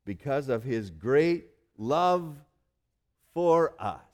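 A male pastor preaching a sermon in earnest, slowing down and dropping almost to a hush to stress key words. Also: mid-range voice, big pitch swings. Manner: earnest preaching, slows and drops to near-quiet for emphasis.

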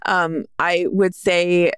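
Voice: medium pitch, level tone, drawn-out words, clear, resonant tone, no echo, clean studio sound. A middle-aged podcast co-host who speaks in a thoughtful, agreeable way and explains points with personal examples. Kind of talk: casual podcast discussion.

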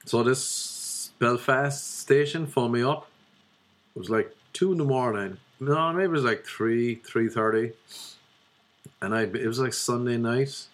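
A young man telling a rambling comic story with deadpan, self-mocking asides. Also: mid-range voice, a little slow. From Ireland.

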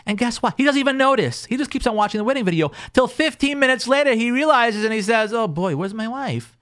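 A man, a rabbi, telling a story in an animated way and acting out each character's lines. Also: extremely high pitch, fast. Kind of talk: storytelling talk.

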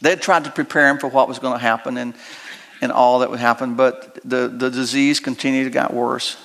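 A man preaching a sermon as pastor, with big swells of emotion and soft, tender storytelling that comes close to tears. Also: steady tone, fairly quick. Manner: preaching with big rises in pitch, then dropping soft and low for a story.

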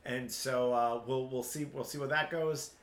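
Man, podcast co-host, casual chat, animated, roomy echo. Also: medium pitch, normal speed. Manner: animated, repeats yeah often.

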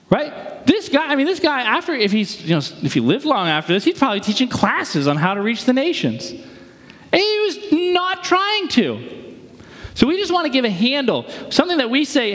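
Casting: male pastor, casual preaching full of rhetorical questions, high voice, long hall reverb. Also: sing-song, moderate pace, fairly bright tone. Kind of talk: sermon.

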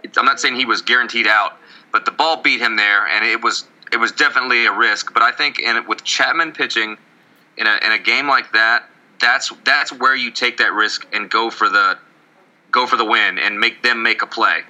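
Bright-voiced joking man on a sports podcast. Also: medium pitch, moderate pace, rough recording. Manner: rambling, joking, stammering restarts. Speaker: podcast co-host. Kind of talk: casual sports chat.

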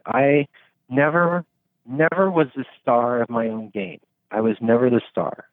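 A man's voice: mid-range voice, steady tone, measured pace, no echo. A man talking casually and philosophically, rambling with many fillers and swearing freely. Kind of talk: casual conversation. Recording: dry, tinny phone-like sound.

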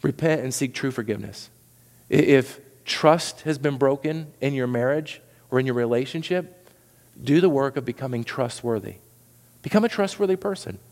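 A man's voice: medium pitch, creaky, a little mellow. A man preaching a sermon as pastor, earnest and urging, often repeating words as he presses a point. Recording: long hall reverb.

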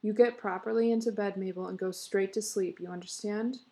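A woman's voice: medium pitch, steady tone, brisk, mellow, lightly acted. A woman voicing an earnest, eager husband who coaxes and insists. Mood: coaxing. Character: earnest husband, eager and fussing, middle-aged.

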